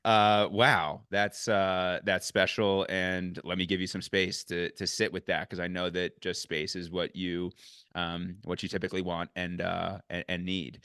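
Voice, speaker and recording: Low smooth-voiced man, dry sound. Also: normal speed, no echo. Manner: candid, swears freely, animated when retelling. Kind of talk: casual conversational recap.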